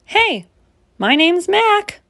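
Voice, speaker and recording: Sloppy, whiny boy monster, high and wet, read by a woman. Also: very animated, drawn-out words, a bit bright, no echo, clean studio sound, exaggerated voice. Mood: slobbering. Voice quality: slurping, slobbering. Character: shaggy male monster, clumsy and goofy.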